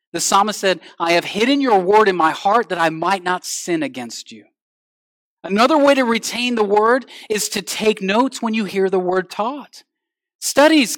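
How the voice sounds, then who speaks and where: Animated preaching pastor, dry sound. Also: male voice, high voice, no room sound. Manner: animated preaching, voice rising and dropping sharply; acts out quoted voices in stories. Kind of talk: sermon.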